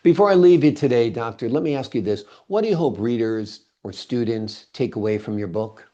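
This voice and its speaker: A man's voice: medium pitch, a little fast, warm tone. A man hosting an interview, chatty and engaged, who asks probing questions. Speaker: interview host. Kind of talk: conversational interview. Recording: dull lo-fi interview audio.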